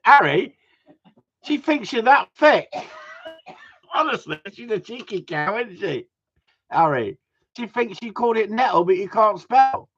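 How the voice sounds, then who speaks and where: A middle-aged man hosts a live stream, chatting casually with viewers in a high, very animated, slightly bright voice; his delivery is bouncy yet unhurried, with long pauses. He swears a lot and laughs often, and the recording is muffled, dull, and lo-fi with slight background noise.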